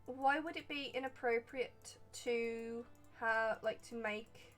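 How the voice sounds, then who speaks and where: A woman's voice: fairly high pitch, steady tone, takes it slowly, a bit bright, soft background music. A woman from England with an English accent, chatting casually and rambling as she plays a game on stream, laughing at herself. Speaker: gaming streamer. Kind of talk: casual let's-play commentary.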